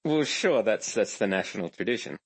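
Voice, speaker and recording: A man with an Australian accent, a guest expert on a podcast, talking sports in a relaxed, wry way. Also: on the low side, a little fast, husky. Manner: laid-back, wry humor. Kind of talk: casual sports chat.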